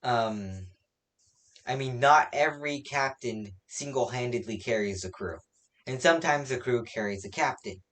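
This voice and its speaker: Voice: medium pitch, moderate pace, fairly bright tone. Comic chapter reviewer, casual recap, rambling, lots of fillers, self-correcting. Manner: rambling, many fillers, laughs at own slips. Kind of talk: casual spoken recap and opinion.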